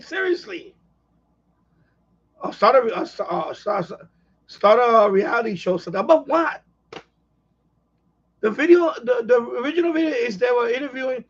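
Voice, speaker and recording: High-voiced, gravelly man ranting on a stream. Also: lively intonation, moderate pace, long pauses. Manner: rambling, exasperated, ranting. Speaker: live stream host. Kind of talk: casual live stream chat. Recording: dull lo-fi live stream audio.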